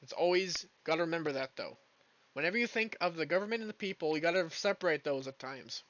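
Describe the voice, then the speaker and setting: A man's voice: a little high, animated, quick pace, fairly bright tone, lo-fi sound. Rambling, foul-mouthed male streamer. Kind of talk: casual rant while gaming.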